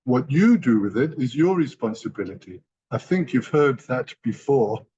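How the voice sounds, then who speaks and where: A man's voice: medium pitch, animated, moderate pace, noisy background. A man giving a motivational training talk to company partners, emphatic and repeating key phrases. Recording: dull lo-fi sound.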